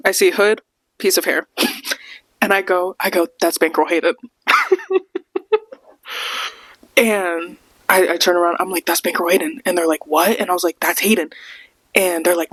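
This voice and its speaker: Animated young woman telling a story. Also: on the low side, moderate pace, pauses often, dry recording. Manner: animated, laughs often, acts out quotes. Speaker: podcast host. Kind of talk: casual storytime chat.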